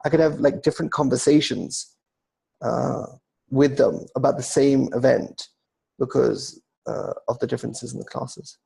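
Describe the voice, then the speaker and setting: A man's voice: mid-range voice, fairly even intonation, moderate pace, creaky, a little mellow, breathy edge. A middle-aged man hosting a casual discussion, telling a rambling family story and reading out listener comments. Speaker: host.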